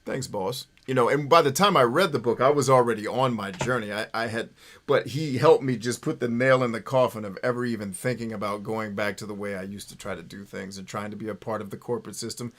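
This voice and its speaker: A man's voice: lowish voice, fast, a bit bright. A man hosting a casual livestream, talking loosely, often checking in with "right?", and swearing when he gets worked up. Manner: former radio voice for phone numbers. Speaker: livestream host.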